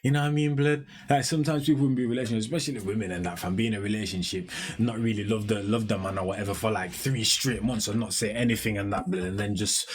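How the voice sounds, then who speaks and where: Fast-talking young man. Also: lowish voice, fairly even intonation, a little hiss or hum. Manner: rapid slangy chatter, constant fillers. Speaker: music reaction host. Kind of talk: casual reaction commentary.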